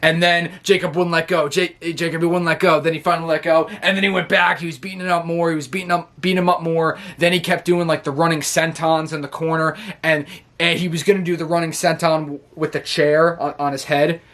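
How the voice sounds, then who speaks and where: A man's voice: a little high, little pitch movement, a little fast, fairly bright tone. A man casually recapping a wrestling show, rambling and laughing often as he acts out what the wrestlers said.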